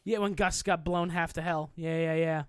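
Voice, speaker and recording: A man's voice: fairly high pitch, steady tone, normal speed, clean tone, dry recording, clean studio sound. A young man co-hosting a podcast in casual chat, gushing with enthusiasm. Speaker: podcast co-host.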